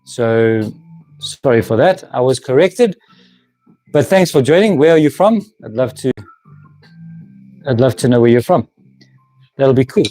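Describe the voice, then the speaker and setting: Mid-range and expressive, his dark-toned voice moves a little slowly with long pauses as this South African man hosts a woodworking live stream. He talks casually to viewers, laughs often and restarts his sentences. There's faint music behind, captured by a camera mic on a handheld camera in motion.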